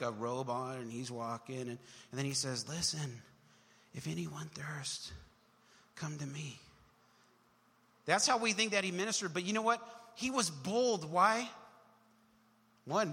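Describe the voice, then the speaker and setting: Bright-voiced preacher man in a reverberant hall. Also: expressive, normal speed. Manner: emphatic, builds to shouts then drops low. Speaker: pastor. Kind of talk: sermon. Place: church hall.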